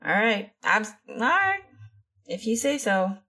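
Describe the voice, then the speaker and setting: A woman's voice: mid-range voice, sing-song, unhurried, bright, forceful tone, breathy edge. A woman playing a tabletop game, casually narrating her character's actions. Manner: casual, laughing often. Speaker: tabletop player.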